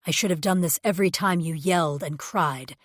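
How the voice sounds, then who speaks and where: A woman voicing a male sea creature mate, gentle but stern, with a deep rumbling voice and measured, formal speech. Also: no room sound, studio quality, lightly acted.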